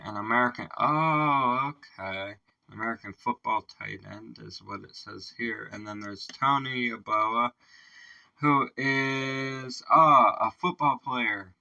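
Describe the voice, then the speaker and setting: A man's voice: fairly low pitch, gravelly, sharp tone, highs cut off. A man hosting a reaction video in casual commentary, swearing, laughing often and marveling aloud at the lyrics.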